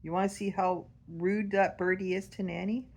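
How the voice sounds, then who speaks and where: A woman's voice: medium pitch, steady tone, moderate pace, darkish tone. A woman filming on her phone, laughing and playfully scolding her pet bird. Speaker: parrot owner filming. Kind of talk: casual home video chat. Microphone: phone camera held by the speaker.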